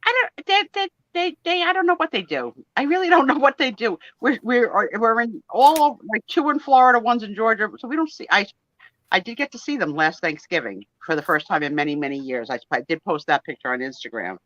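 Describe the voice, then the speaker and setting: Speaking briskly in a voice on the high side, a middle-aged woman shares stories as a guest on a live sale chat. She's chatty and animated on a video call, heard through dry, dull lo-fi audio without room sound.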